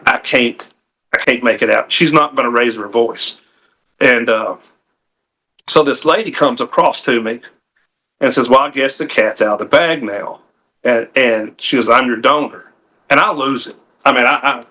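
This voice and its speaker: A man's voice: mid-range voice, sharp tone. A man, a game warden telling a personal story in a TV interview, folksy and earnest with frequent restarts.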